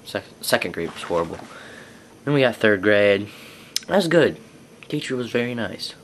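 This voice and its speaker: A man's voice: on the low side, normal speed, fairly bright tone, slight background noise. A young man telling personal stories to camera in a rambling, casual way. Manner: rambling, lots of fillers and restarts. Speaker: vlogger.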